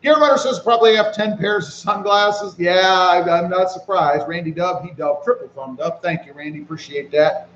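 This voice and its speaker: A man hosting a casual live stream, reading viewer comments aloud and greeting people by name in a relaxed way while he walks around with his phone. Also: high-pitched, normal speed, hardly any pauses, reverberant, highs cut off, a little hiss or hum. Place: walking around outdoors.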